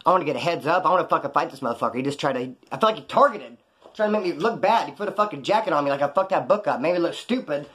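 A former prisoner telling stories about prison life in a blunt, rambling, profane way. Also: male voice, fairly high pitch, lively intonation, racing, a bit bright. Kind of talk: casual storytelling monologue.

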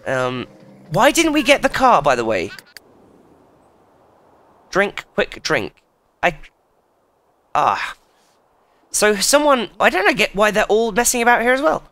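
A man giving excitable, sweary commentary while playing a video game. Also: slow pace, pauses often, dry recording. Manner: excitable, swears a lot, jumps in pitch. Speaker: gaming YouTuber. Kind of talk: casual let's play commentary.

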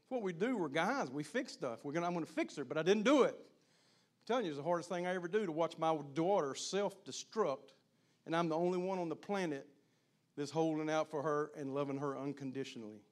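High-voiced man preaching to men. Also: brisk. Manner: preachy, repeats phrases, builds to shouting in prayer. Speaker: guest speaker at a men's gathering. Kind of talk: sermon and prayer.

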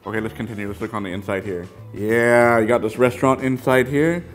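A man reviewing a toy set in a casual, excitable way, often trailing off into quiet mumbles. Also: medium pitch, a little fast, soft background music.

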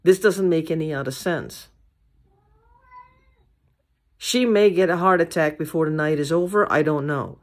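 A woman talking to the camera in an agitated, frustrated way, swearing, restarting sentences and repeating herself. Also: deep voice. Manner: halting restarts and repeated phrases. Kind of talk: casual vlog monologue.

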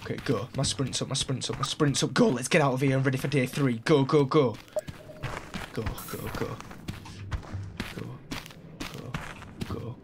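A man streaming a game live, chatting along and breaking into excited shouts. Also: mid-range voice, moderate pace, pauses often, over loud music. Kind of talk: live gameplay commentary. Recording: steady background noise.

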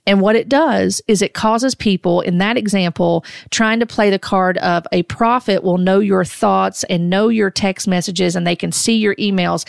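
A woman giving earnest, measured Christian commentary, often restarting her sentences as she goes. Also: medium pitch, creaky, no room sound, studio quality.

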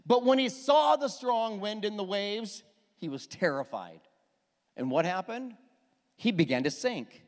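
A man preaching a sermon as pastor, emphatic and animated, with quick asides to the congregation. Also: high voice, in a large hall.

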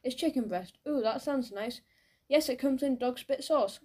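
A woman voicing an old school dinner lady who shifts from bossy shouts to sugary kindness. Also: high-pitched, moderate pace, pitched above the performer's own voice. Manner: loud bossy calls, then sugary kindness.

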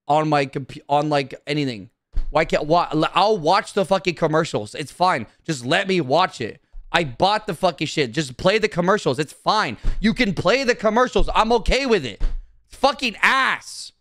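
A man's voice: on the high side, a bit bright, no room sound, clean studio sound. A male streamer in a casual live-stream rant, talking in a heated, profane, repetitive way.

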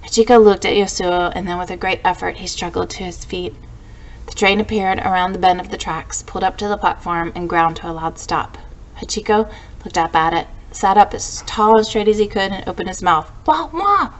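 A woman teacher reading a storybook aloud to her class in a gentle storytelling way. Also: fairly low pitch, steady tone, fairly quick, poor audio.

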